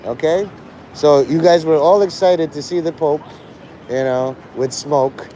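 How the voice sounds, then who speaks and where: A man's voice: a little high, unhurried, mellow, slight background noise. Man rambling jokes on a street. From Philippines. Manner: joking, provocative, mixes in Tagalog phrases. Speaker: livestreamer. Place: outdoors on a city street.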